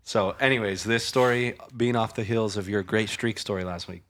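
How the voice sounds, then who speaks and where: A man's voice: fairly low pitch, fairly even intonation, normal speed, a bit bright. A young man hosting a casual chat show, telling a story in a laid-back way, often saying "dude" and "bro" and laughing. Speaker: podcast host.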